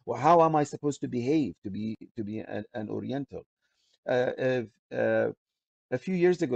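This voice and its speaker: An older professor from Iran talks with passionate, emphatic force, often restarting his sentences. His voice sounds dark and a little husky. The sound is close and dry. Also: fairly quick, no echo, dull audio. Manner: passionate, emphatic, with restarts and lively pitch swings. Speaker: professor, interview guest. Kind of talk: animated scholarly discussion.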